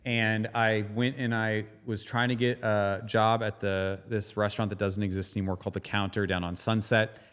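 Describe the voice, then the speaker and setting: Man with a low, candid storyteller's voice. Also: little pitch movement, moderate pace, few pauses, fairly bright tone, clean tone, in a large hall. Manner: candid, self-mocking, drops to a low mutter for grim parts. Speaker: podcast guest, stand-up comedian. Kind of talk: casual storytelling interview.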